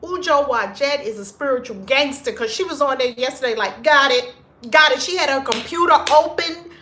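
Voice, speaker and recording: A woman's voice: high-pitched, expressive, brisk, a bit bright. A woman hosting a live stream, chatting casually and effusively with viewers, greeting them by name and laughing often. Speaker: livestream host.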